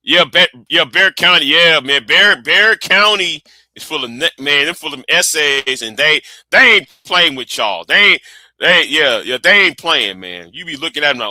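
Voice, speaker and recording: A man's voice: fairly high pitch, lively intonation, normal speed, sharp tone, no echo. A man from Texas, chatting casually on a livestream in a rambling, profane way with stammering restarts. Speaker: livestream host.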